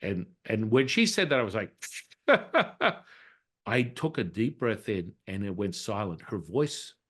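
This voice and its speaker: A man's voice: lowish voice, animated, moderate pace, a bit bright, husky. A man, a Taoist priest and healer, telling a reflective personal story in a casual interview and acting out the dialogue in it. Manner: reflective, acts out quoted dialogue in his story; frequent restarts and fillers.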